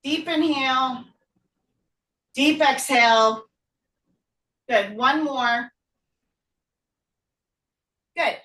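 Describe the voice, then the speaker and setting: A high-voiced woman leads a yoga class over a video call, calling out unhurried breath and pose cues while she moves through the poses herself. She sounds short of breath. Her voice comes from a distance in an echoey room. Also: sharp tone. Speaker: yoga teacher. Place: home room.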